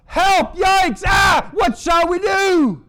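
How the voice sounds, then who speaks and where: A man voicing a young male servant panicking in great distress, shouting in alarm. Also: very high-pitched, expressive, very slow, some chatter behind, voice pushed up, full character voice. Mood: panicked.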